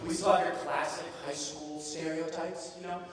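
A teenage boy performing a rambling, animated, self-mocking stand-up routine as a student comedian on a school stage. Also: on the high side, moderate pace, background noise. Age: teens. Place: large school auditorium stage. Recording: roomy echo from far off, audience ambience.

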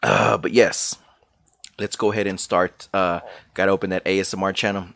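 A man's voice: deep voice, fairly even intonation, normal speed, vocal fry, a bit bright, no echo, studio quality. A man streaming a game, chatting loosely and profanely and greeting viewers by name from a room at home. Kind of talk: casual chat while gaming.

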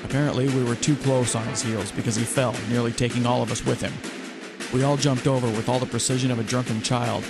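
A man tells a wartime adventure story in first person, in a steady telling voice. His mid-pitched voice carries a gravelly grain. Music runs underneath the narration. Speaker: podcast host and storyteller.

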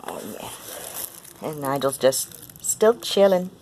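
A man at home filming his cats, talking to them in a soft sing-song baby talk. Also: lowish voice, expressive, slow, slight background noise. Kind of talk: casual cooing talk to pets. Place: home indoors. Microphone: handheld camera.

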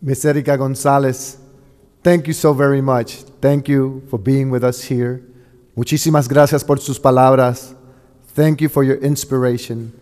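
A man's voice: mid-range voice, flat delivery, normal speed, a little mellow. A man making courteous, formal announcements as the presenter at a graduation ceremony in a large venue. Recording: long hall reverb.

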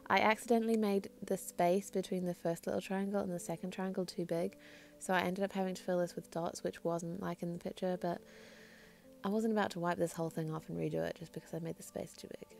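A lowish, gravelly, rather dark female voice narrates a laid-back nail art tutorial. Her delivery rambles and hesitates, full of self-deprecation, and her accent slides between English and New Zealand.

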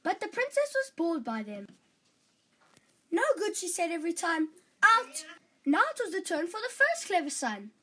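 A woman tells a children's fairytale with animated, expressive storytelling. Her voice sits very high and swoops lively through each sentence. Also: a little fast, low-quality recording.

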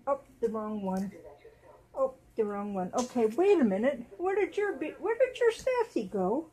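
A woman hosting a casual vlog at home, talking to viewers and cooing softly to her dolls. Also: on the high side, big pitch swings, normal speed. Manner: doting, soft baby talk to her dolls. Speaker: doll channel host.

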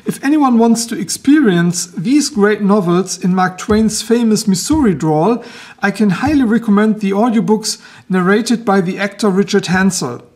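A man with a German accent, hosting a knife review video in measured, explanatory scripted narration that turns into a literary talk. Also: high voice, darkish tone.

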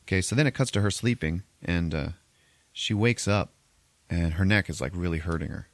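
A man's voice: low-pitched, fairly quick, dry recording. A man casually retelling a film's plot on a podcast, loose and profane, acting out characters' lines as he goes. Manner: profane, rambling retelling with acted-out quotes. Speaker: podcast host recapping a film. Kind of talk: casual movie recap chat.

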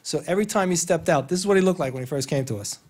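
Racing along in a slightly high, darkish voice, a man leads a physical therapy training for a theater audience. He's chatty and eager, acting out stories with quoted dialogue from the stage.

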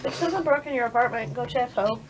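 Teasing woman over loud background noise. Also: fairly high pitch, quick pace. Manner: sleepy, teasing, crude jokes. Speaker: co-commentator. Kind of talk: casual chat.

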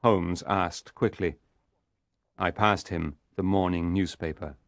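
Deep-voiced male audiobook narrator. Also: steady tone, takes it slowly, dry recording, clean studio sound.

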